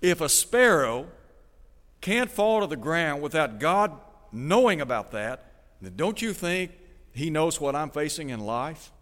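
A man's voice: fairly high pitch, big pitch swings, unhurried, fairly bright tone. Earnest man preaching in a reverberant hall. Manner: earnest, asks the listener direct questions, reads scripture aloud. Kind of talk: radio sermon.

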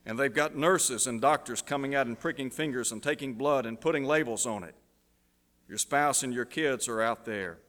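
A man's voice: mid-range voice, moderate pace. Dramatic male preacher in echoey hall. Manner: dramatic, drops to a hush at emotional peaks. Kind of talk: sermon illustration, storytelling. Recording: long hall reverb.

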